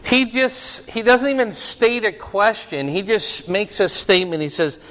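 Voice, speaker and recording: Slow, emphatic male preacher in reverb. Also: high voice, expressive, fairly bright tone. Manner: emphatic, lingers slowly on key words. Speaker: pastor. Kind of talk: expository sermon. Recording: long hall reverb.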